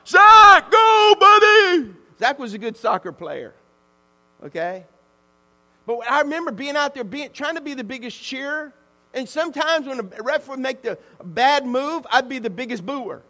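High-voiced animated preacher. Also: male voice, long reverb tail. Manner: animated, conversational, calls out to the congregation. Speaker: pastor. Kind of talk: sermon.

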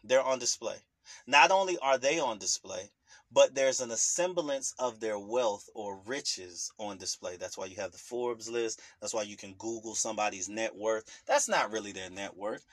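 A man's voice: mid-range voice, fairly bright tone, no echo. A man talking earnestly about family and money, repeating phrases with an emphatic, preacher-like cadence. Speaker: speaker sharing life lessons. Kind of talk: earnest personal talk.

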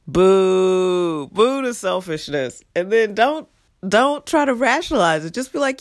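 A woman telling stories from her past in a blunt, animated, profane way, acting out what people said. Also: medium pitch, a little slow, no room sound, clean studio sound. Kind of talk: casual storytelling monologue.

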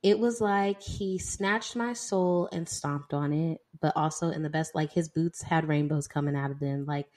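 A woman's voice: low-pitched, normal speed, hardly any pauses, a little mellow. A woman in her twenties, co-hosting a casual book chat and chatting with lots of "like" and "y'all.". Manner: chatty, heavy use of "like" and "y'all". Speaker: podcast co-host.

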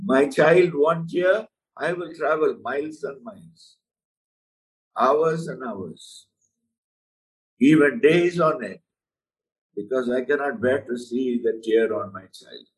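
Earnest slow-talking male preacher. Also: mid-range voice, distant mic, poor audio. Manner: earnest, emphatic, addresses listener as "my friend". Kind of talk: sermon.

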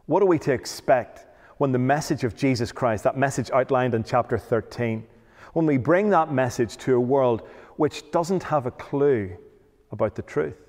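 A man's voice: mid-range voice, normal speed, darkish tone. A man preaching a sermon, emphatic, often asking rhetorical questions. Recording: long hall reverb.

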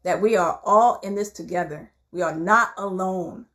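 A woman who hosts a podcast and works as a therapist, giving casual, folksy motivational talk and dropping to a soft near-whisper when she reassures. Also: lowish voice, moderate pace.

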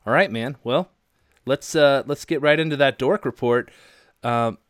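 A man's voice: medium pitch, a little slow, no room sound, clean studio sound. Rambling, jokey podcast co-host, a man. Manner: rambling, jokey, lots of fillers. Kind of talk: casual podcast chat.

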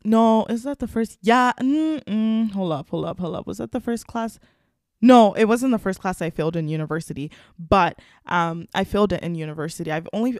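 A woman's voice: lowish voice, a little mellow, no room sound, studio quality. A young woman hosting her own podcast, talking casually and frankly, with lots of fillers and frequent laughs. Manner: frank, chatty, filler-heavy, laughs often. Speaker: podcast host. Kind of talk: casual solo podcast talk.

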